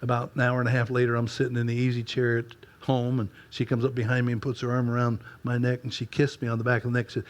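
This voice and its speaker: Older man, pastor, folksy storytelling sermon, self-deprecating humor, mid-pitched voice. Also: completely flat delivery, quick pace, hardly any pauses. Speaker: pastor speaking at a leadership conference.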